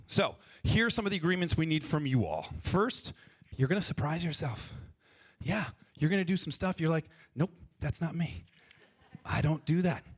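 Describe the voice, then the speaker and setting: A man with a fairly high voice leads a live improv workshop from a conference stage, speaking into a handheld microphone. He is energetic and playful, coaxing the crowd to join in. An audience can be heard around him. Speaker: improv performer and workshop leader. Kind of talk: live freestyle rap and workshop talk to an audience. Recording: live event with audience noise.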